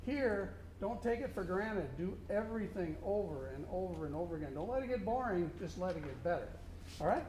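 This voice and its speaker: A man's voice: sits high, expressive, a little fast, darkish tone. A man working as a contest judge, coaching a student band and singing rhythms aloud to show them. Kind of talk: instructional clinic to a student band. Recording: echoey room with faint noise.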